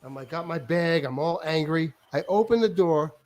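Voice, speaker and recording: A man in his fifties telling a comic story as a talk-show guest, animated and profane, with stammering restarts. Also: fairly high pitch, normal speed. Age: 50s.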